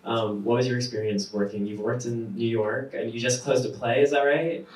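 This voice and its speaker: A man's voice: mid-range voice, steady tone, normal speed, heavy background noise. A man moderating a panel Q&A after a screening, asking friendly questions. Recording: roomy hall, far from mic.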